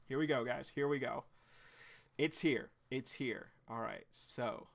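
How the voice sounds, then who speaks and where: A man's voice: mid-range voice, a little slow, creaky. Rambling man live-reacting to a webcomic. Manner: rambling, filler-heavy, excitable outbursts. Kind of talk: casual live reaction and recap.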